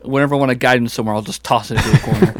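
A man's voice: medium pitch, fairly even intonation, very fast. A young man co-hosting a podcast in casual, laugh-filled chat, swearing easily. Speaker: podcast co-host.

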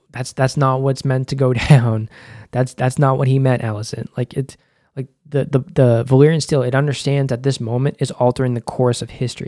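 A man's voice: mid-range voice, darkish tone, no echo, studio quality. A man hosting a podcast, talking loosely in casual commentary, full of "like," restarts and the odd swear word. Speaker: podcast host.

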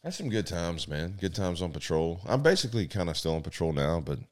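A man who works as a sheriff's deputy, telling profane jail and patrol stories in a casual, animated way. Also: deep voice, a little fast. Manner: profane, animated storyteller, loud when acting out the chase. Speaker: sheriff's deputy in livestock division. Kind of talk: casual storytelling.

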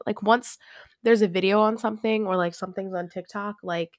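The young solo podcaster keeps chatting in her rambling style, laughing frequently and leaning heavily on "like." Here her mid-range voice is fairly quick with fairly even intonation, and the clean studio sound has no room noise.

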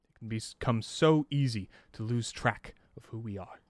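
A man voicing a calm, therapist-like male vampire who leads a group in measured, coaxing speech, in a tabletop game. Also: medium pitch, dry recording, natural voice. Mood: earnest. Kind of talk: acted dialogue in a tabletop game.

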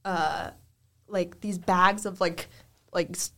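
A woman's voice: fairly low pitch, slow. A young woman casually telling a work story among friends, with lots of "like" fillers. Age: young adult. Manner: animated storytelling, heavy "like" fillers. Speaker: panelist recalling first jobs. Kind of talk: casual chat.

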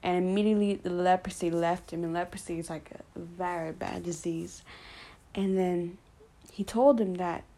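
A woman with a slightly low, mellow voice walks through a Bible passage in a relaxed, informal way. She talks loosely and stops to correct herself. She fills pauses as she thinks aloud. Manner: loose and conversational, with fillers and self-corrections. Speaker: Bible study presenter. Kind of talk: casual retelling of scripture.

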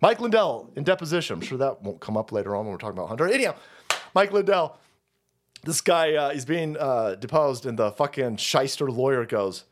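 A man's voice: medium pitch, expressive, a little fast. A man hosting a political commentary stream, ranting in a rambling, sarcastic and foul-mouthed way. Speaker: host.

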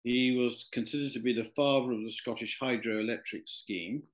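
Man, interview guest, anecdotal storytelling, rambling, fillers, medium pitch. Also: fairly even intonation, normal speed. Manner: rambling, with many fillers and restarts.

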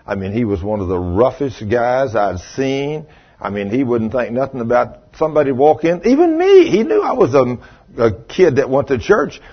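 A man's voice: medium pitch, big pitch swings, moderate pace, breathy edge. An older man preaching a sermon, telling a folksy story and acting out what people said. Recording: dull lo-fi sermon recording.

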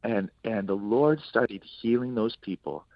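Gravelly low-voiced man telling a story. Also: unhurried, dry recording, muffled recording. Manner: lively storyteller, animated. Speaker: ministry partner, guest. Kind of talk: anecdote in a talk-show interview.

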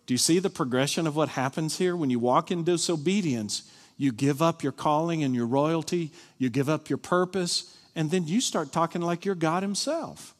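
A male pastor preaching a sermon, animated, acting out the people he quotes. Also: on the high side, moderate pace. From Kentucky. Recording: long reverb of a large hall.

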